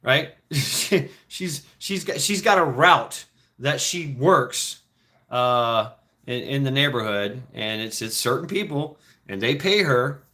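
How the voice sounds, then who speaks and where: A man's voice: mid-range voice, lively intonation, slow pace, bright, forceful tone. Rambling, profane storytelling man. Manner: profane, rambling, frequent restarts and laughs. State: foot injured, limping.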